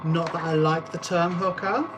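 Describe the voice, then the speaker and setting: A woman's voice: fairly low pitch, steady tone, moderate pace, noisy background. A young woman, chatting casually in a vlog while making cash envelopes, giggly and joking as she rambles. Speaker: budgeting vlogger. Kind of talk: casual chat while doing a craft task.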